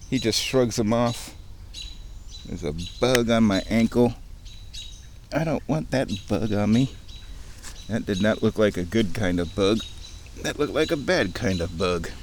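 Man outdoors, chatty running commentary with excited bursts, faint noise and birdsong behind. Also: mid-range voice. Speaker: outdoor vlogger. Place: outdoors in a muddy creek. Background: birds chirping.

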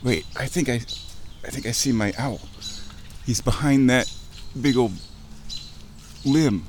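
Man outdoors, chatty running commentary with excited bursts, faint noise and birdsong behind. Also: medium pitch, moderate pace. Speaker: outdoor vlogger. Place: outdoors in a muddy creek. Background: birds chirping.

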